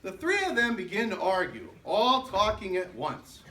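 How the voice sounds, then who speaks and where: A woman narrating a school play, reading the stage directions aloud in a slow, lively storytelling way. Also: medium pitch, a little hiss or hum. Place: school auditorium. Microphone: far camera. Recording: echoey hall recorded from far off.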